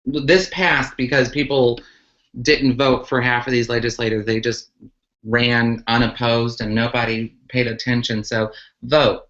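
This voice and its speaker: Bright-voiced earnest woman on a muffled stream. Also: very deep voice. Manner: earnest, many ums and restarts. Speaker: transgender activist guest. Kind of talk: live online Q&A talk. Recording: muffled lo-fi livestream audio.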